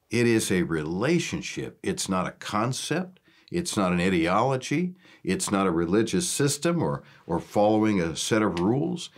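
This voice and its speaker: A man giving a devotional teaching, earnest and measured, drawing out key words for emphasis. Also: on the low side. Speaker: ministry leader presenting a devotional series.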